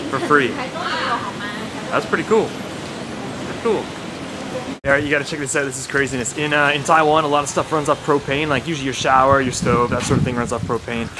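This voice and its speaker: A man's voice: mid-range voice, noisy background. A man from Canada, vlogging casually on city streets with a handheld camera and rambling through stories with lots of "like.". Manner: chatty, rambling, joking asides with many "like"s. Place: city streets in Taiwan, outdoors.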